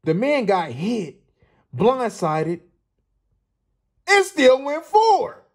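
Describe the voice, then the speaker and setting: Excitable high-voiced man breaking down football. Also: extremely slow. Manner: excitable, laughing, emphatic, repeats phrases. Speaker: sports channel host.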